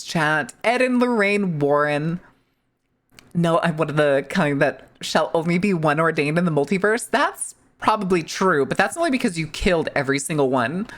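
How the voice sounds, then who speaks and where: Lady streamer from the midwest, lower voice, joking with chat, swears plenty. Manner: chatty, joking, swears freely, reads chat aloud. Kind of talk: casual live-stream chat.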